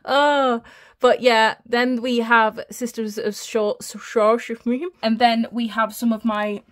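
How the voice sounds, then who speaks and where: A woman's voice: fairly high pitch, flat delivery, slow. A woman giving a casual home library tour, out of breath and chatty, often stumbling over her words while holding the camera. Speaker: book vlogger. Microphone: handheld camera.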